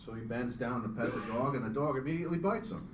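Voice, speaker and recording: Talking at a quick pace, a middle-aged man presents his startup in a live pitch to an audience in a roomy hall. He's chatty, makes fun of himself, and jokes with the crowd, recorded from a distance with a faint hum in the background.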